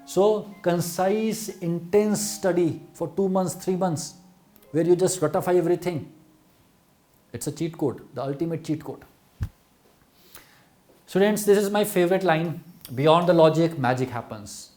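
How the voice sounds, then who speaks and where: A man's voice: high voice, a little slow, pauses often, dark tone, faint music behind. A middle-aged man with an Indian English accent giving an earnest motivational talk to exam students, repeating words for emphasis. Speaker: medical exam coach.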